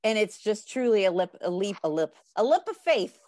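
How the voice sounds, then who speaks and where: A woman's voice: mid-range voice, very animated, moderate pace, darkish tone, no room sound, studio quality. A woman in a casual group chat who reads a book aloud, laughing often and stumbling over words. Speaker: book club member.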